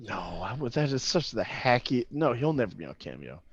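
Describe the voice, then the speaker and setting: A man's voice: medium pitch, sing-song, a little fast, highs cut off, slight background noise. A man co-hosting a casual podcast, talking loosely and swearing, laughing often. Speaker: podcast co-host. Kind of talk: casual chat.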